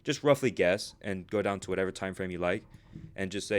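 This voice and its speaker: A man with a low voice teaching a casual video lesson at a rapid clip. He is chatty and keeps checking in with "right?" after each point, sounding slightly out of breath. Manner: fast, chatty, says "right?" constantly. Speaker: trading instructor.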